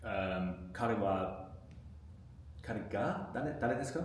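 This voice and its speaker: A man taking part as the learner in a spoken lesson, giving short, hesitant answers in a quiet voice. His voice sits a little low, and the room around him adds a noticeable echo. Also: expressive, slow, slight background noise. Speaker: student.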